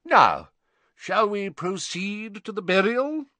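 A man voicing a pompous older male professor with a grave, theatrical, drawn-out delivery. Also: high voice, sing-song, sharp tone, no room sound, voice pushed up, exaggerated voice.

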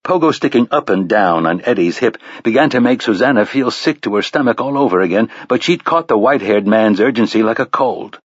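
Low, husky male audiobook narrator. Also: expressive, no echo. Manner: measured storytelling. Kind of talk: scripted narration. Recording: slightly dull lo-fi recording.

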